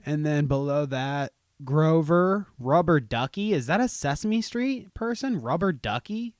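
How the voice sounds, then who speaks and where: Young dude ranting on his live stream, swears a ton, sarcastic, dry close mic, kinda high voice. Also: lively intonation, measured pace, no room sound. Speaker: podcast host. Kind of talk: casual livestream chat.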